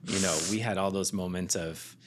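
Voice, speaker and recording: A man's voice: low-pitched, fairly even intonation, normal speed. A man hosting a casual interview, asking questions in a supportive, conversational way. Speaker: host, former dean.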